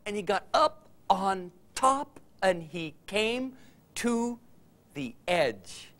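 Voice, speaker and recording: A man telling a story for all ages in an animated way, chuckling along with the tale. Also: high-pitched, very slow.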